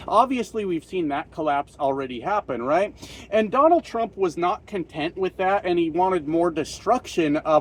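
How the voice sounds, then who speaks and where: Guy with a high voice ranting about politics, swearing nonstop, all fired up and out of breath. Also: a little mellow. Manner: profane, worked up, frequent fillers. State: short of breath, coughing. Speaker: political commentary vlogger. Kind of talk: angry political rant.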